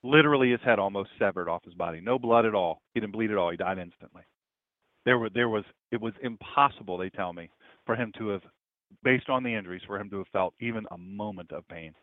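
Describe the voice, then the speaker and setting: A pastor telling a story in a sermon, his voice swinging between loud stretches and hushed ones. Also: fairly low pitch, fast, dry recording, phone-quality sound.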